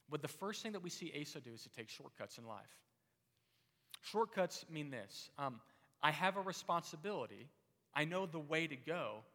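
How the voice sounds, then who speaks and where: A man's voice: on the high side, bright, forceful tone. A man preaching a sermon as pastor, talking conversationally with frequent restarts. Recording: long hall reverb.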